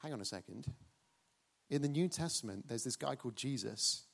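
A man preaching a sermon, dramatic, slowing for emphasis and returning to a rhetorical refrain. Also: mid-range voice, lively intonation, gravelly.

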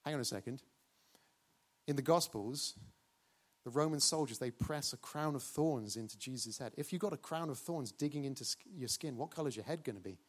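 Delivering a dramatic sermon, this male preacher speaks at a mid-level pitch and returns repeatedly to a rhetorical refrain. He slows on key words, and his tone is animated as he engages the listeners.

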